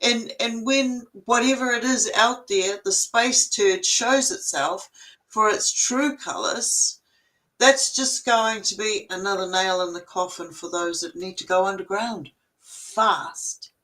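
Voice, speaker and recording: A woman chatting casually on a livestream from home, animated and quick to laugh, swearing now and then. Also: medium pitch, rough recording. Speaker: co-host of a spiritual livestream. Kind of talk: casual chat.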